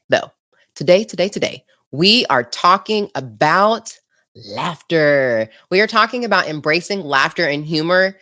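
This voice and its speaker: A woman's voice: low voice, a bit bright. A woman hosting a podcast in casual, bubbly chat, laughing often as she tells stories. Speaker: podcast host.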